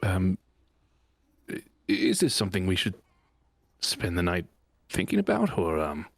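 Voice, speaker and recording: A man's voice: deep voice, wildly swooping pitch, a little slow, gravelly, husky, no room sound. A man chatting casually as a player in a tabletop game, playful and full of hesitations.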